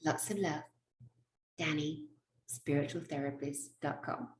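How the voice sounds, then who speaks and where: A woman and spiritual therapist telling a humorous personal story, animated, laughing often and swearing casually. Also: deep voice, measured pace, slight background noise. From England. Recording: echoey room.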